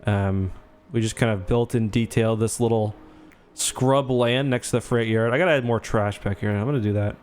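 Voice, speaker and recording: A man's voice: fairly low pitch, steady tone, normal speed, hardly any pauses, a little mellow. A young man casually chatting while livestreaming a city-building game, rambling and thanking viewers as he goes. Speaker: streamer.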